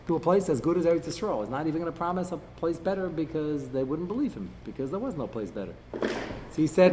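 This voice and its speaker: A man's voice: on the high side, expressive, fast, darkish tone, big-room sound, slight background noise. A man teaching a text-study class, acting out quoted speakers with sarcastic asides. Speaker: Torah teacher.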